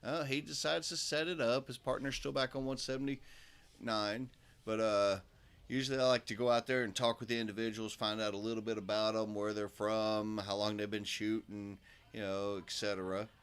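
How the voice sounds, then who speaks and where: Smooth-voiced male darts commentator. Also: lowish voice, moderate pace. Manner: relaxed, chatty, many fillers. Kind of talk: live sports commentary.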